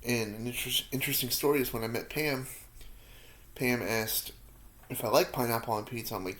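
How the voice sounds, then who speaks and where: A man's voice: mid-range voice, fairly even intonation, a bit bright. Rambling man eating spicy peppers. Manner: rambling, self-deprecating, with pauses from the heat. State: mouth full, feeling spicy heat. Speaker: vlogger answering viewer questions. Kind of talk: casual chat while eating hot peppers.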